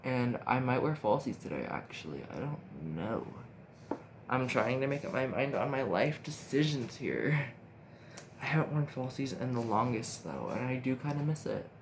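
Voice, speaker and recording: A young man chatting his way through a makeup tutorial, rambling and easily excited, with his voice sitting in a middling pitch. He often talks to himself as he films on a phone, and a steady hiss of background noise runs under the recording. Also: normal speed. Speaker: makeup vlogger. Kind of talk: casual makeup tutorial chat. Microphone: phone camera.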